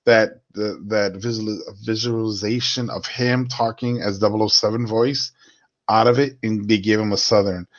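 A man co-hosting a podcast in casual chat, easygoing and quick to agree. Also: fairly low pitch, fairly even intonation, highs cut off. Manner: easygoing, short agreeing replies. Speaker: podcast co-host.

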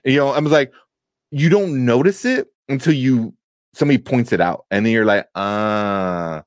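A man's voice: mid-range voice, moderate pace, no echo, clean studio sound. A man co-hosting a podcast, chatting loosely at a desk mic, swearing freely and laughing often. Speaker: podcast co-host. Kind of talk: casual chat.

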